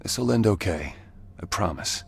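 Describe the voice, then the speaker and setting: An actor playing a calm, determined young male hero in a video game, speaking in a steady, clipped way. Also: low voice, a little slow, gravelly, a little hiss or hum, heavily acted. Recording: game audio under music.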